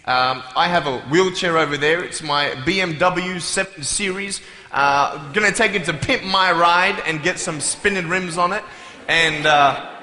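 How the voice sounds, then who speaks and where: A man's voice: high voice, bright, forceful tone, a little hiss or hum. A man with an Australian accent giving a humorous motivational speech on stage, a playful storyteller who acts out his scenes. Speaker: motivational speaker. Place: large hall, on stage before an audience. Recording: echoey hall with long reverb.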